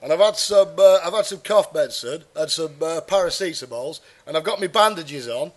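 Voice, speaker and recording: A man's voice: a little high, expressive, a little fast. A man co-hosting a podcast, joking around while suffering a head cold and sore throat. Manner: jokey, puts on silly voices, rambling. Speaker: podcast co-host. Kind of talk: joking casual chat.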